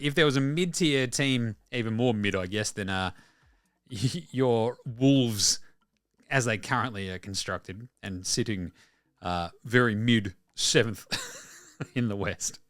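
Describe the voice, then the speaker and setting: Bright, sweary Australian sports host. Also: male voice, medium pitch, unhurried, no echo, studio quality. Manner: rambling, sweary and blunt. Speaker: podcast host. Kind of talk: casual sports commentary.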